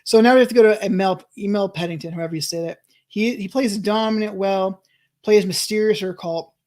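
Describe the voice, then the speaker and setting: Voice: mid-range voice, fairly even intonation, fairly quick, darkish tone. Rambling let's-play streamer thinking aloud. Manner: rambling and thinking aloud, with frequent restarts and chuckles. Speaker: streamer playing a wrestling management game. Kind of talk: casual let's-play commentary, reading chat.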